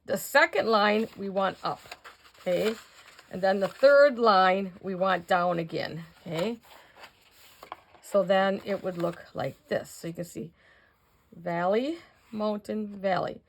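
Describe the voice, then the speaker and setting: A woman's voice: medium pitch, takes it slowly, creaky, a little hiss or hum. An older woman hosting a casual crafting tutorial, chatting to viewers as she works and counting out measurements.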